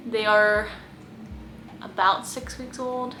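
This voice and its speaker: A woman's voice: mid-range voice, fairly even intonation, slow, bright, forceful tone, soft background music. A young woman chatting casually in her guest room, full of "like" and cooing baby talk. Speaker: vlogger fostering kittens. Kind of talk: casual chat to camera.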